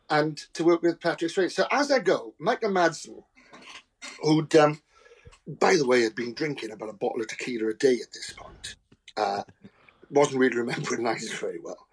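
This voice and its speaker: Animated man telling anecdotes. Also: a little high, breathy edge, rough recording. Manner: animated storyteller, laughs often, acts out voices. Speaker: guest actor. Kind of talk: anecdotal chat.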